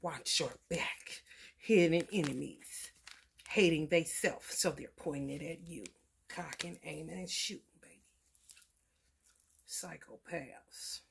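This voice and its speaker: A woman's voice: low-pitched, normal speed, vocal fry, a little hiss or hum. A woman, talking loosely and profanely in a casual tarot vlog. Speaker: tarot reader.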